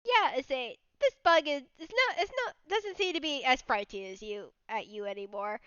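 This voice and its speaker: A woman with a high, smooth voice narrates a tabletop game as its game master, circling back and restarting her sentences. The sound is dry and dull, with a lo-fi edge. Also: lively intonation, moderate pace, a bit bright, no echo. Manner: rambling, full of restarts and "like".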